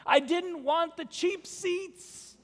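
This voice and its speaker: A man voicing a frazzled, exasperated father who shouts at his family in slow, drawn-out words. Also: very high-pitched, voice pushed up, full character voice. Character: frazzled shouting father, middle-aged, at wits' end. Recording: long hall reverb.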